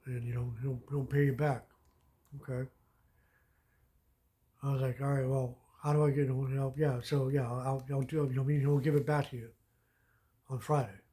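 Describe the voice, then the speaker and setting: A man of ordinary pitch tells a long personal story in a loose, rambling way. He swears freely and keeps circling back with filler phrases. His tone is casual and unpolished, like a vent to a friend. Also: little pitch movement, fairly quick, pauses often, dark tone. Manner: profane, rambling, repeats "you know what I mean". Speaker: vlogger.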